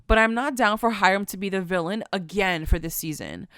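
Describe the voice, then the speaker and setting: A woman's voice: mid-range voice, fairly quick, fairly bright tone, smooth, no echo, studio quality. A woman co-hosting a podcast, giving blunt, slangy opinions about a TV episode in casual chat. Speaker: podcast co-host.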